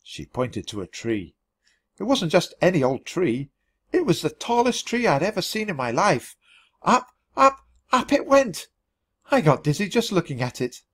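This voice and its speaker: A man reading a children's storybook aloud for learners, in an expressive, animated way. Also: on the high side, normal speed. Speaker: storybook reader.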